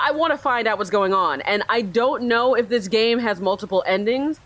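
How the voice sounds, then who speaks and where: A woman's voice: on the high side, moderate pace, a bit bright. Chatty woman narrating her gameplay. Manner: rambling, chatty, self-aware. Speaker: gaming video host. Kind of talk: casual let's-play commentary.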